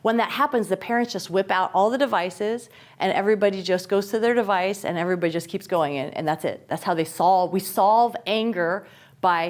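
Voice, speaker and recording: A middle-aged woman speaks to parents in a faith-based parenting lesson. Her delivery is lively and animated. She often acts out the voices of the people she quotes. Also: mid-range voice, brisk.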